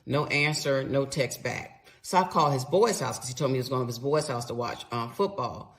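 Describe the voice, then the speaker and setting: A middle-aged woman with a gravelly voice full of vocal fry. She tells her personal story candidly and conversationally and swears freely as she acts out what she said. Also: rumbling low, brisk.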